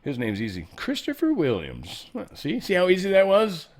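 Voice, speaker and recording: A man's voice: sits high, wildly swooping pitch, moderate pace. A man hosting a show, giving a casual news commentary monologue in an irreverent, joking and often profane way. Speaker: show host.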